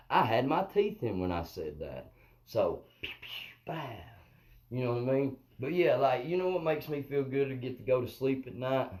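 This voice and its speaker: Speaking at medium pitch with a slightly mellow tone, a male comedian hosts a live stream and rambles through a profane monologue. He keeps asking viewers "you know what I mean." The sound, from a phone or webcam, is low quality.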